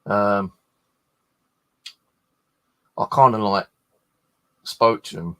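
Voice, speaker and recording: Tired bloke, low-pitched, rambling casual chat full of swearing and restarts. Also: male voice, drawn-out words, pushed and bright, smooth. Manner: swears freely, meandering with many restarts. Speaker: ghost hunter chatting with livestream viewers.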